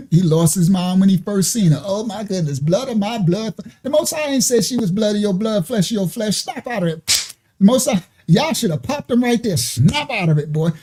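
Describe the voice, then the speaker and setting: Animated, slangy preaching man. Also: high-pitched, moderate pace. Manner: animated, slangy, laughs often. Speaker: ministry host. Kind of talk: casual streamed preaching.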